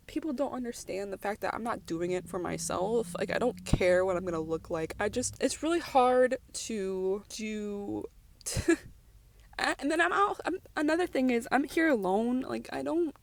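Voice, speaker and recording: A woman's voice: mid-range voice, normal speed, creaky. A young American woman recording a personal voice-over, rambling and emotional, with many restarts and filler words. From United States. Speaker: vlogger.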